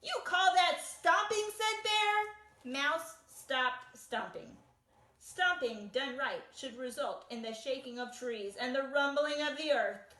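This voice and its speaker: A woman reading a picture book aloud to children in an animated, encouraging way and asking them to join in. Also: high voice, slow. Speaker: storytime reader. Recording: echoey room.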